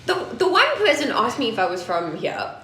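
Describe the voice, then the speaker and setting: A woman from South Africa co-hosting a podcast in casual chat, animated and laughing often. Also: a little high, fairly quick, crowd noise. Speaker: podcast co-host. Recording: roomy with faint noise.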